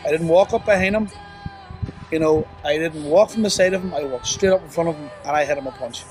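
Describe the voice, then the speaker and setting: A young man telling a painful personal story in an interview, halting and remorseful, with many restarts and fillers. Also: soft background music. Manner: halting, full of "you know" and restarts; remorseful, low and subdued.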